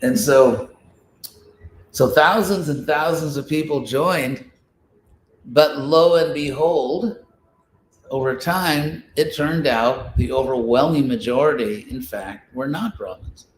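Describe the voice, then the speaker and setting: A man's voice: a little high, takes it slowly. A man teaching a study class in an informal spoken lecture, explaining with examples, restarting phrases and sounding out syllables aloud. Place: class in a room, with listeners present. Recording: echoey room with faint ambient noise.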